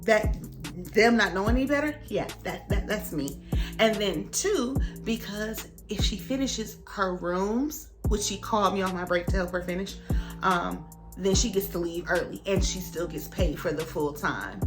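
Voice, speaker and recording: A young woman vlogger telling a story in a casual, animated way, acting out the other people's lines. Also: medium pitch, normal speed, over music. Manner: animated, dramatic retelling with voices for others.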